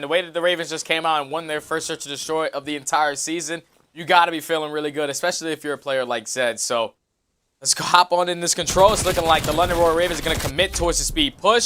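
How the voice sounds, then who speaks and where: A man calling live esports action in rapid, energetic play-by-play. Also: fairly high pitch, slight background noise. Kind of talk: fast live play-by-play commentary.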